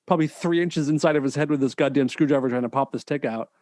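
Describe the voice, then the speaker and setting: A man's voice: fairly high pitch, fast talker, darkish tone, dry recording. A man hosting a podcast, chatting casually with a teasing, dry sense of humor. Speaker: podcast host. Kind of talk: casual chat.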